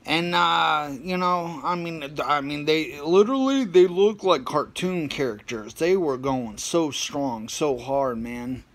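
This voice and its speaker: High-voiced guy telling a goofy story real slow, keeps going uh you know. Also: lively intonation. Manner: halting, full of "uh" and "you know" fillers. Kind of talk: rambling comic storytelling.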